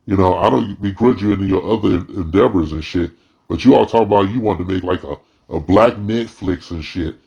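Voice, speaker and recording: A man's voice: low-pitched, brisk, vocal fry, darkish tone, breathy edge, dull audio. A man commentating in a blunt, profane, heated casual rant. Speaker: video commentator.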